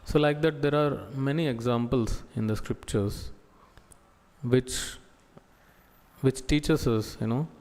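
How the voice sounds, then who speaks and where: A man delivers a sermon-style scripture class in a slow, measured way. He halts often, pausing to search for words. His mid-pitched voice carries a long echo from a temple hall. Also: a little mellow. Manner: slow, halting delivery with many pauses and fillers. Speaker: preacher giving scripture class.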